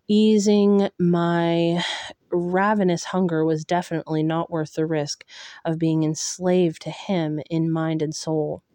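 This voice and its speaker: Woman reading a novel out loud, slow and steady, dry close mic. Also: lowish voice, no room sound. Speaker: audiobook reader. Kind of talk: first-person novel reading.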